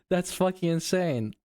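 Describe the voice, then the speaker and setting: Giggly, swearing streamer with a lively voice. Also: mid-range voice, gravelly, dry recording, clean studio sound. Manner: giggly, swears often, reacts out loud. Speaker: VTuber streamer. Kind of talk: casual live-stream chat.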